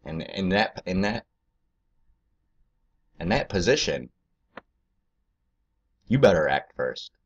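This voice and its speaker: Low male host, profane rambling rant, muffled lo-fi sound. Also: big pitch swings, slow, pauses often, breathy edge. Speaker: political video host. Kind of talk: profane ranting commentary.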